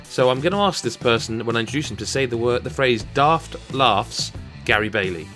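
A man's voice: medium pitch, fast, a bit bright, soft background music. A man hosting a games podcast, chatting casually and joking with his co-hosts. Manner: playful, jokey. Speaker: podcast host. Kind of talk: casual chat.

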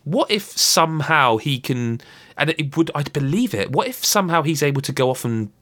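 A man's voice: fairly high pitch, expressive, moderate pace, fairly bright tone. A man in casual chat, rambling through a story with restarts and acted-out quotes. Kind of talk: casual chat about a video game.

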